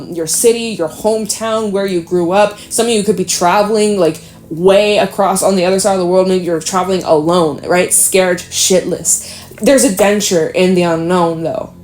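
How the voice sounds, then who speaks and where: A woman's voice: medium pitch, darkish tone. A woman giving an encouraging, emphatic tarot reading in a casual way, swearing now and then. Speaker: tarot reader. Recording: echoey room.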